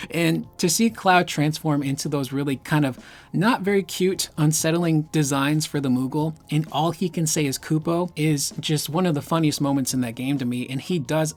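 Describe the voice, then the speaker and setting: A man hosting his own channel, giving animated casual commentary as he reads through an article and talks with his hands. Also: on the high side. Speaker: gaming news YouTuber. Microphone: close desk microphone. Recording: home mic with faint lo-fi music bed. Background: faint lo-fi hip hop music.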